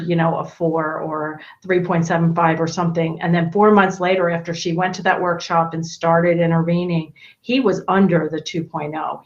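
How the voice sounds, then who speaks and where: A woman's voice: on the low side, muffled recording. A middle-aged woman, a guest on an interview, telling long stories in casual chat with lots of fillers and restarts over a video call. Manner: talkative, storytelling with many fillers and restarts. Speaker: guest, autism expert and parent.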